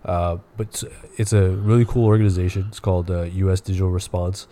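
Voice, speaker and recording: A man's voice: low-pitched, level tone, brisk, dark tone, a little hiss or hum. A man co-hosting a podcast in casual chat, his voice nasal and stuffy from allergies, rambling with lots of fillers. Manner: rambling, many fillers and restarts. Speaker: podcast co-host.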